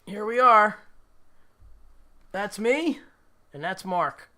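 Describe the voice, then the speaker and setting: A man's voice: high voice, expressive, extremely slow, sharp tone. A man hosting a live stream in a casual chat, reading viewer comments aloud and laughing often. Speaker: livestream host.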